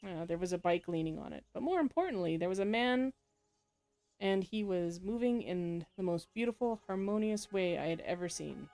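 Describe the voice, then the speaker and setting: A woman reads a story game's text aloud and adds casual comments, frequently laughing and correcting herself. Her voice is on the low side and a little mellow, animated and at normal speed.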